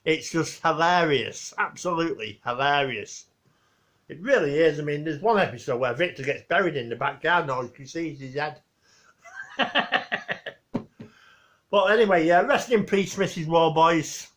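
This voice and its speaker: Brief: chatty male vlogger, high bright voice, rambling and loose, mild swearing. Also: expressive, normal speed, pauses often. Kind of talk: casual vlog tribute.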